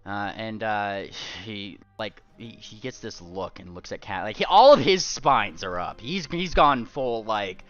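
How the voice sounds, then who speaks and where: A game master narrating a tabletop game with a bright, animated voice. The speech keeps breaking into laughter and halting restarts. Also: mid-range voice, lo-fi sound, soft background music.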